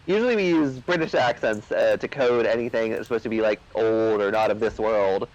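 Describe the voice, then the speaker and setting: A man's voice: on the low side, brisk, a little mellow, highs cut off. A man chatting casually over gameplay, rambling with lots of fillers and restarts. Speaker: co-host of a gaming video.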